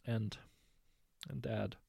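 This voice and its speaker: A man voicing a distraught teenage girl on the phone, halting and tearful, hesitant. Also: fairly low pitch, fairly even intonation, creaky, dark tone, slightly rough, dry recording, heavily acted. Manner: halting, tearful, later teasing. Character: distraught teenage girl calling her villain friend.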